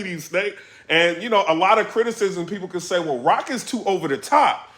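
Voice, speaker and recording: Male channel host, somewhat high voice, animated casual commentary with sudden loud bursts. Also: a little fast, roomy sound. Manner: animated, repeats lines he quotes, sudden loud outbursts. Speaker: battle rap commentator.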